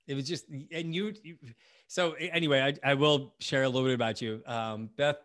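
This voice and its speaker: A man's voice: medium pitch, fairly even intonation, a little fast, fairly bright tone. A man from the United States hosting a casual podcast interview, talking in a chatty, rambling way with many restarts. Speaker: podcast host.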